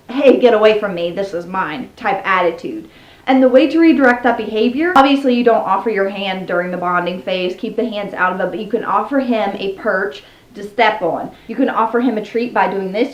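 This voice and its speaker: A woman vlogger explaining how to tame parrots in a casual, upbeat way, cooing at her birds between tips, recorded at home. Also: medium pitch. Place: indoor room at home with pet birds. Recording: roomy, slightly dull home recording.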